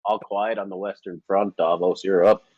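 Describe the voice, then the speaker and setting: A man running a tabletop game as game master, laid-back and quick to laugh, swearing casually. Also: deep voice, little pitch movement, dry recording, highs cut off.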